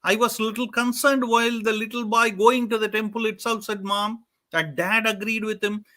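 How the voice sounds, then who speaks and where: A man's voice: high voice, fairly even intonation, normal speed, pushed and bright. A man telling a devotional story, often checking in with "okay?" and "guess what?".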